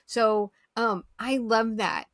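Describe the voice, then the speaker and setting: A woman's voice: on the high side, slow, gravelly, no echo, clean studio sound. A woman hosting a podcast interview, chatting casually and with enthusiasm, often repeating her words. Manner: enthusiastic, agreeable, repeats herself. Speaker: podcast host.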